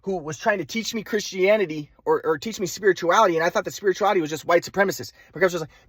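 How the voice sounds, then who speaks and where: A young man telling his own story in a rambling, self-interrupting way, circling back and restarting often. His voice sits high and races along quickly. The recording is dry, with no room sound. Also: fairly bright tone, dry recording. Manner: rambling, many restarts and repeated words. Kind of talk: personal storytelling vlog.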